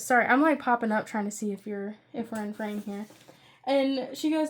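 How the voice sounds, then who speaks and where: A woman's voice: a little high, moderate pace. Chatty, rambling young woman. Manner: chatty, rambling, excitable asides. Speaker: budgeting channel creator. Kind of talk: casual budget-with-me narration.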